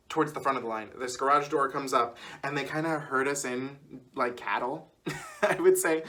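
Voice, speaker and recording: A man's voice: medium pitch, fairly bright tone. Chatty rambling young man. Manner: rambling, chatty, laughs often. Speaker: vlogger. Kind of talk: casual storytelling.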